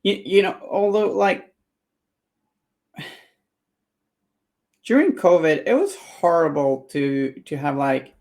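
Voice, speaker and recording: A woman's voice: on the low side, slow pace, pauses often, a little mellow. A woman chatting casually on a live stream while painting miniatures and answering viewer comments.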